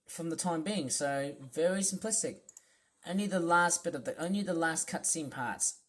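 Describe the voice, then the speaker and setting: A gaming channel host talks over gameplay in a rambling, halting way, full of ums and false starts. The tone is bright and sharp at a middling pitch, and phrases often trail off quietly. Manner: rambling, halting, many fillers and restarts.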